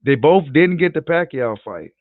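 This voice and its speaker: A man hosting a casual boxing livestream, talking in an animated, slangy, profane way and repeating himself as he reads comments. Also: a little high, normal speed, no echo. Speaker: boxing channel host. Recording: tinny phone-like audio.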